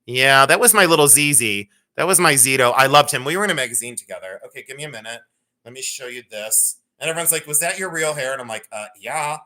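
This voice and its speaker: A middle-aged woman hosting a live sale stream in a playful, rambling way. Her voice is bright and forward, and she pokes fun at herself. She talks casually to her viewers. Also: very deep voice, expressive, quick pace. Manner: chatty, self-mocking, playful. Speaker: livestream jewelry sale host. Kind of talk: casual livestream chat.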